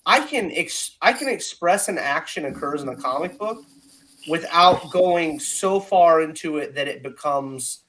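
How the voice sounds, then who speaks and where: A man co-hosting a podcast chat in an animated, storytelling way, often checking in with his listeners. His voice sits a bit high for a man, with a faint noise under it. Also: measured pace. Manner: animated, repeats "you know what I mean". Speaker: podcast co-host, comic creator. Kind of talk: casual chat.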